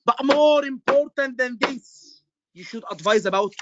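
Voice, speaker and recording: A man's voice: very high voice, measured pace, dull audio, noisy background. A man tutoring medical students in a live online lecture. He keeps repeating his questions and stresses the key points. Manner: repetitive, quizzing students, emphatic.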